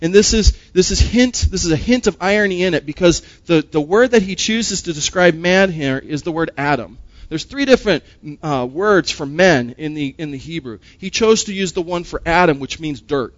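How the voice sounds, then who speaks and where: A man's voice: on the high side, moderate pace, few pauses, no room sound, highs cut off. A man preaching a sermon as a pastor. He speaks emphatically, asks rhetorical questions and often repeats words.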